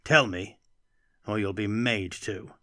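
A stern, suspicious noble lord who barks curt questions and orders, as a male narrator plays him. The voice is low and a touch louder than the narration, recorded dry and close for an audiobook. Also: takes it slowly, no echo. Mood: cold commanding. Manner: curt, commanding, interrogating.

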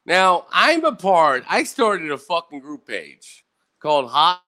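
A man's voice: a little high, sing-song, takes it slowly, sharp tone. A man hosting his own live online show, ranting angrily and swearing constantly, checking in with "right?" after each point. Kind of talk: angry profane livestream rant. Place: indoor room with bright light and a fan.

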